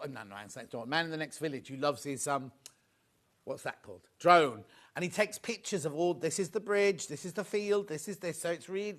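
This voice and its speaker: High-voiced chatty shopping presenter man. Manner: chatty, gushing, exclaiming. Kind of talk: live home shopping presentation. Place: TV studio.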